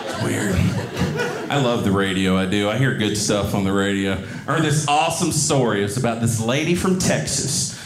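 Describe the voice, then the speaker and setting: A man doing stand-up comedy in a chatty, deadpan storytelling manner. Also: medium pitch, a little fast. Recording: echoey room with loud noise.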